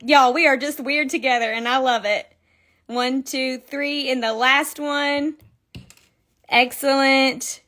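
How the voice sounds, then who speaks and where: A woman's voice: high-pitched, a bit bright. Young woman, live crochet lesson, counts stitches aloud, chatty. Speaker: crochet teacher hosting a live stream. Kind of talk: casual live crochet tutorial. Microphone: phone.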